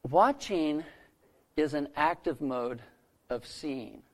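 A man preaching, voice rising and falling. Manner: retells scripture stories, acting out quotes with a lifted, louder voice; drops to a soft, low voice to land a point. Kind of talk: sermon storytelling.

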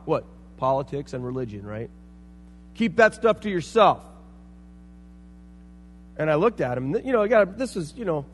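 Man, middle-aged, pastor, sermon, storytelling, loud emphatic preaching, long church reverb. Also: a little high. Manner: storytelling, acting out quoted voices, rising to loud emphatic preaching. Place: church sanctuary. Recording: long hall reverb, faint hum.

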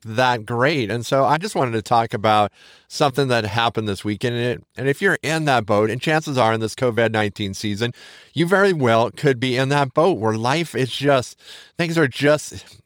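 A man's voice: medium pitch, no room sound, studio quality. A middle-aged man hosting his own podcast, talking casually and candidly in a rambling, self-deprecating way. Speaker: podcast host. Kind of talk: casual solo podcast talk.

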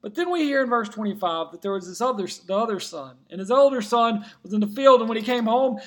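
A man with a strikingly high voice delivers a sermon from the pulpit. He retells the scripture in everyday words and speaks to his congregation in a chatty, informal way. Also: animated, fast talker, fairly bright tone. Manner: conversational retelling of scripture with casual paraphrase. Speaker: pastor.

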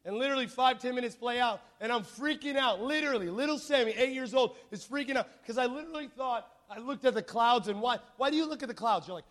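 A man preaching a sermon, telling a childhood story in a playful, animated way and calling on the congregation to answer back. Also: extremely high pitch, fast, hardly any pauses.

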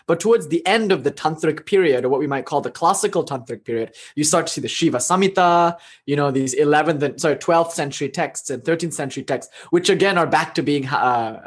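A male meditation teacher speaks in a relaxed, conversational way with a voice that sits a bit high. He tells his stories animatedly and often breaks into laughter. This is an informal spiritual talk with questions from the group. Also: fairly quick, hardly any pauses, breathy edge.

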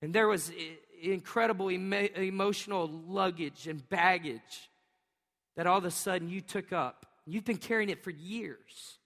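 A middle-aged pastor preaching a sermon, animated and storytelling, often laughing and acting out voices. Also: male voice, sits high, moderate pace. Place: large church hall. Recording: long hall reverb.

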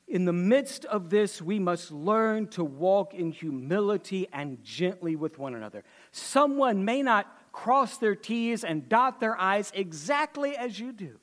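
A man's voice: high voice, animated, a little slow, few pauses, fairly bright tone. A male pastor preaching a sermon in a folksy, emphatic storytelling way.

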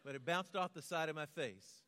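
An American man delivers a sermon, mixing quiet personal storytelling with a rhythmic, repeated closing litany. His voice sits a little high for a man. The sound carries a long hall reverb. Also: normal speed. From United States. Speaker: preacher.

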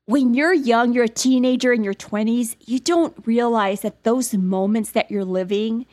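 A woman co-hosting a podcast, with a noticeably high-pitched voice. She talks in an effusive, openly emotional way and jumps in quickly to agree with her partner. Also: a little mellow. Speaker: podcast co-host. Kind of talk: casual conversational podcast chat.

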